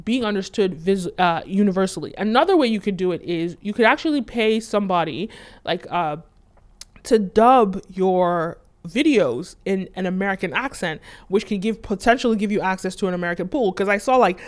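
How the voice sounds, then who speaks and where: Woman host, mid-pitched, conversational explainer with loose fillers. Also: expressive, normal speed. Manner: conversational, leans on "right?" and "like". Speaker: channel host. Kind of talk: casual explanatory commentary.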